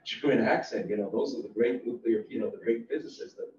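A man speaking as an audience member at a library talk, animated and rambling. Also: mid-range voice, a little fast. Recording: roomy, distant, muffled with faint noise.

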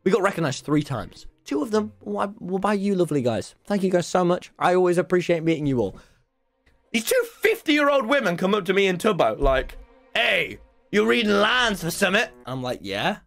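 A man, casually chatting with viewers on a live stream from his office, animated and swearing as he tells stories. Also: sits high, a little fast, faint music behind. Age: late teens. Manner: animated, swearing, lively storytelling.

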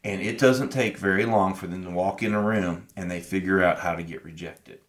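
A man's voice: low-pitched, fairly even intonation, a little fast. A middle-aged man co-hosting a podcast, telling a personal story in an earnest, reflective way and acting out his past conversations. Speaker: podcast co-host.

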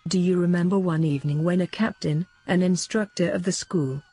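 A woman reading the lines of a grateful old soldier in an earnest, measured way. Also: fairly low pitch, dark tone, slightly rough, no room sound.

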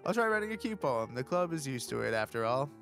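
Host reading game text aloud, mock-dramatic, even-pitched man. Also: fast talker, gravelly, soft background music. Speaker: let's play host.

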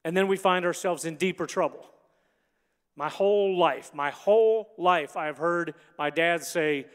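A man preaching a sermon as pastor, moving from quiet, halting reflection to emphatic, rising delivery. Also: on the high side, clean tone. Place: large church hall. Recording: long hall reverb.

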